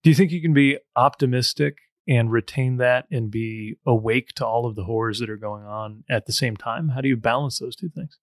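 A male interview host asking measured, thoughtful questions. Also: medium pitch, no echo, clean studio sound.

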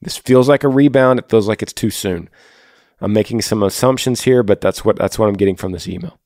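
A man's voice: on the low side, a little fast, a little mellow, no room sound, studio quality. A man hosting an advice podcast, talking earnestly and directly to a listener, often repeating his words for emphasis. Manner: earnest, repeats phrases, talks straight to listener. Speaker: podcast host.

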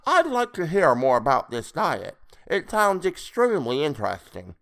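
A man doing a high, nasal, toadlike creep. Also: huge pitch swings, normal speed, gravelly, fairly bright tone, exaggerated voice. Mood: prying. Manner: eager, prying, oddly polite. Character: creepy pear-shaped older man, toadlike, eager.

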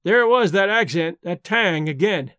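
A man narrating a story for an audiobook in a measured, deliberate way. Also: high voice, lively intonation, bright, forceful tone, clear, resonant tone, dry recording, clean studio sound.

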